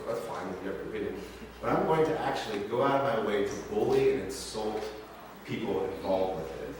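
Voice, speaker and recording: A man in his thirties with a fairly high voice tells stories from the pulpit in a chatty, digressive sermon. The church sanctuary rings with echo, the microphone is far off, and there's a little hiss or hum.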